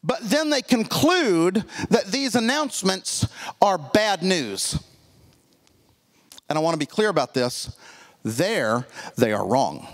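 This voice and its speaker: A male pastor preaching a sermon in a church, emphatic, dropping his voice low to stress key points. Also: sing-song, slow, long pauses, fairly bright tone.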